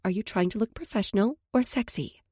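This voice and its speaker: A woman reading a bubbly, teasing young female friend in an excitable, raised voice. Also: mid-range voice, brisk, breathy edge, dry recording, studio quality, natural voice.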